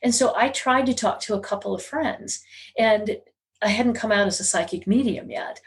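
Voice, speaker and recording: A woman's voice: medium pitch, normal speed. A middle-aged woman, a guest on an interview podcast, telling a personal story in an earnest, confessional way that is at times emotional. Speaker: guest, psychic medium.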